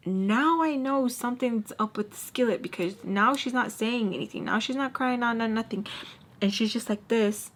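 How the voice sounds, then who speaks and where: A young woman with a slightly high voice spins a storytime for her viewers, slangy and animated, tossing in fillers and quick asides as she goes. She sounds like a casual vlogger chatting straight to camera. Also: slight background noise.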